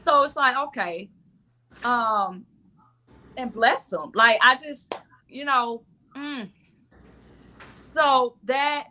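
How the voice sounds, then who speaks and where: A woman's voice: fairly high pitch, sharp tone, a little hiss or hum. A woman, a former dating show cast member, telling her story in casual chat and acting out her own quoted lines.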